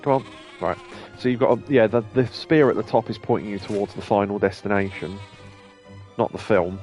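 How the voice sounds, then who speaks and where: A man's voice: fairly low pitch, fairly even intonation, fairly quick, darkish tone, faint music behind. Chatty man streaming a game. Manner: chatty, rambling, laughs often, occasionally swears. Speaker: streamer host. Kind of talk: let's play commentary.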